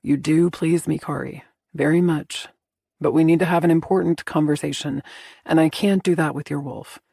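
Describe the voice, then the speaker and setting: A woman voicing a commanding alpha man who speaks low, firm and insistent. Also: fairly even intonation, normal speed, creaky, warm tone, breathy edge, no room sound, clean studio sound, full character voice.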